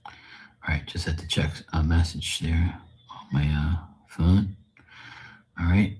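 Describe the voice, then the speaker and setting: A man's voice: low-pitched, fairly even intonation, slow pace, a little mellow, husky. A man giving a tarot reading on a live stream, chatting loosely, joking and swearing freely. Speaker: tarot reader. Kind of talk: casual live-stream chat.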